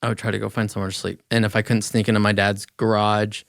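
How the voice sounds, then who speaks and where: A man's voice: lowish voice, little pitch movement, fast, gravelly, fairly bright tone, no room sound, clean studio sound. A man speaking as a guest on a podcast, talking in plain, blunt casual chat.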